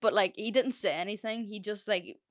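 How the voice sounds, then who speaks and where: A woman's voice: mid-range voice, normal speed. A young woman hosting a solo podcast, telling a story in a chatty, sweary way with lots of fillers. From Ireland. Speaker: podcast host.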